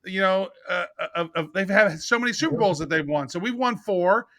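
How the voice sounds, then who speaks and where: A man co-hosting a sports podcast, chatting casually and excitedly, saying "dude" a lot. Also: high voice, fairly quick. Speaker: podcast co-host.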